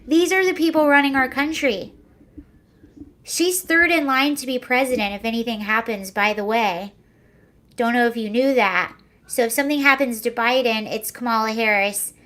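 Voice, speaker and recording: A woman's voice: a little high, moderate pace, a bit bright. A young woman hosting a casual livestream, chatting sarcastically, laughing often and answering viewer comments. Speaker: livestream host.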